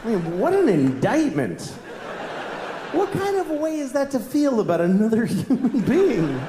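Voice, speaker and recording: Male stand-up comic, high and animated, confessional with shouted bursts, roomy venue. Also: normal speed, background noise. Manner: confessional, shifts from musing to shouted outbursts. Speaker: stand-up comedian. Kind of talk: stand-up set.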